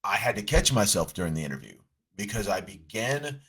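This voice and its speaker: A middle-aged coach sits in front of a camera, speaking earnestly and reflectively in a casual motivational style, restarting often. His voice is on the low side, slightly rough and a bit bright, with a brisk, very animated delivery.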